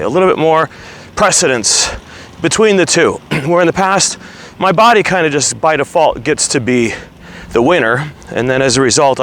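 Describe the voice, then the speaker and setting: An earnest man speaking in a candid confessional vlog, his voice a little high and very lively in pitch. He restarts words as he opens up. He is slightly out of breath because he talks while walking. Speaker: weight-loss vlogger.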